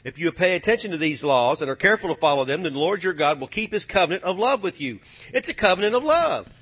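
A male pastor preaching a sermon with call-and-response, folksy speech, swinging from soft to loud. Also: fairly high pitch, expressive, fast talker, breathy edge. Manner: folksy, drawls phrases like y'all and ain't.

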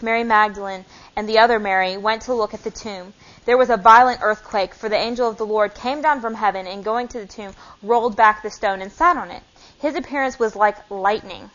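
A young woman giving an informal, chatty sermon and reading scripture, acting out conversations as she goes. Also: mid-range voice. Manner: chatty and animated, acting out dialogue. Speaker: lay preacher. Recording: dull lo-fi recording.

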